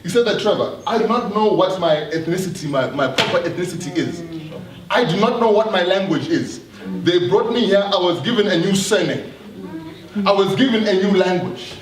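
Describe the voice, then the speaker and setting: A man's voice: sits high, expressive, normal speed. A man giving an earnest live talk to an audience, often repeating himself and putting questions to the room. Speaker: speaker addressing an audience. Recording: roomy hall, distant mic, faint noise.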